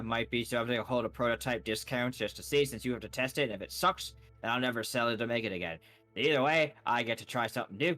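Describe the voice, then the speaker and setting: A man voicing a gruff male shopkeeper with a put-on Brooklyn accent and a smoky, gravelly voice, rambling as he haggles over prices in a tabletop game. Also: mid-range voice, fairly bright tone, lightly acted. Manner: rambling, haggling, self-correcting. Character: gruff male human shopkeeper, haggling chain-smoker type.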